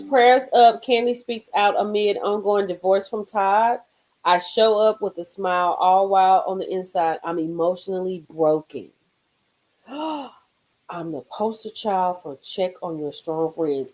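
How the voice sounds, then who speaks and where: A woman hosting a casual live stream from a car, reading gossip aloud and reacting with sudden high exclamations and low murmurs. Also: moderate pace, low-quality recording. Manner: animated, swings into high exclaims and drops to murmurs.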